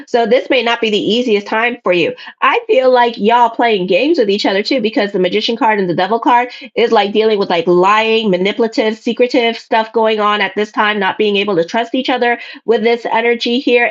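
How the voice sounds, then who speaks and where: A woman's voice: a little high, lo-fi sound. Sassy, blunt woman tarot reader. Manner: sassy, blunt, acts out listeners' voices. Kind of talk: casual weekly horoscope reading.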